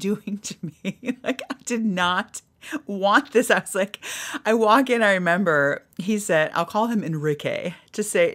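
A woman in her forties hosting a podcast, telling a personal story in an animated way, laughing often and acting out what people said. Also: medium pitch. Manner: animated, laughing, acts out quotes. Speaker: podcast host.

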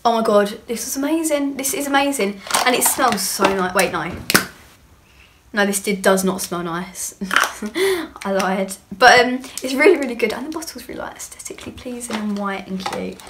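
Her voice is on the high side and expressive, moving at a normal speed as she gushes and rambles in a bubbly unboxing chat. She's a young beauty vlogger, captured in a clear recording with background noise and clicks.

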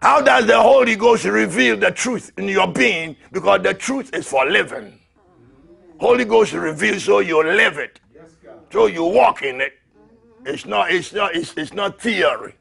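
A high-pitched man preaches a fiery sermon. His voice is gravelly and husky. He shouts, repeats his phrases and laughs in between. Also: expressive, a little slow. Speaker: apostle preaching.

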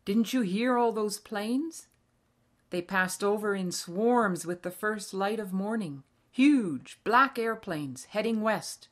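A woman's voice: mid-range voice, expressive, slow pace, voice pushed up. A woman reading the part of a grave farmer man who urgently tells of war news. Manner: urgent, insistent.

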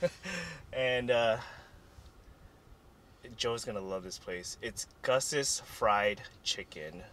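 A man's voice: fairly low pitch, slow pace, fairly bright tone. A man hosting a food vlog, chatting casually and teasing his friends while he laughs a lot in a car. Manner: giggly, teasing, laughs often. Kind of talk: casual chat. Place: inside a car.

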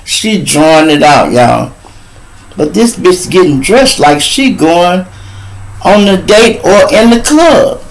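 Guy with a slightly high voice telling a wild street story, cussing nonstop, loud then quiet. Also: slow, creaky, poor audio. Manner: animated, swings between loud outbursts and low asides; heavy profanity and street slang. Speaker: host of a live street show. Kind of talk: profane storytelling monologue.

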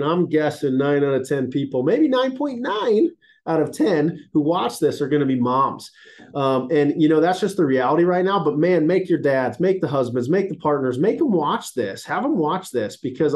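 A chiropractor in his thirties gives a casual livestreamed health talk, folksy and enthusiastic, with a slightly high voice that sounds congested and nasal. It's picked up on laptop and phone mics.

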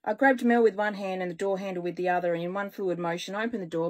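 A woman children's author reading aloud from her own stories, with lively, expressive storytelling. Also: medium pitch, quick pace.

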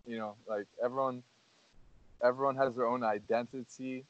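A man's voice: mid-range voice, fairly even intonation, normal speed, no room sound. A man hosting a casual podcast, talking earnestly in a rambling way with lots of "like" and "you know". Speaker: podcast host. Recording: dull lo-fi audio.

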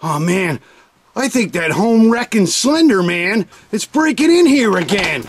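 A man with a high voice that swings wildly up and down delivers crude, rhyming comedy rants. His outrage is overdone for laughs, and a clear hum of household noise runs behind him. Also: big pitch swings, measured pace. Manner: rhyming insults, exaggerated outrage. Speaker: comedy video narrator.

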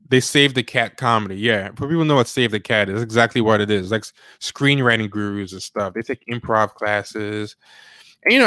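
A man's voice: medium pitch, a bit bright, dry recording. Sardonic rambling man on a dry mic. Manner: rambling, sardonic, mocking impressions. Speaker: podcast co-host. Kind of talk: casual livestream commentary.

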